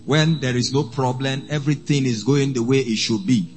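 A man, a priest preaching a sermon, who slows down and repeats phrases for emphasis. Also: medium pitch, soft background music.

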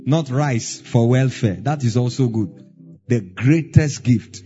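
A man's voice: medium pitch, slow pace, warm tone, dull audio, soft background music. A Nigerian man with a Nigerian accent preaching a sermon as pastor, stressing words in a rising, sing-song way.

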